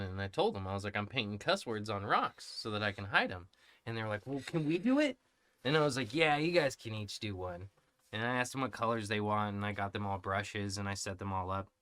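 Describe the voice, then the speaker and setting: A man's voice: fairly low pitch, pushed and bright, no echo, clean studio sound. A man telling crude, funny stories about his kids in a casual podcast chat, laughing often and cursing freely. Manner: profane, laughing storyteller. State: smoking cannabis. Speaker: podcast co-host.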